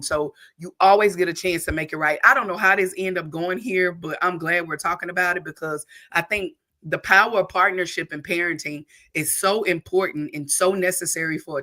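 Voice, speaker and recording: An emphatic woman pastor speaks on a church talk show, pressing her points in a preacherly way. Her voice is bright and forceful. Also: lowish voice. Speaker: pastor and co-host.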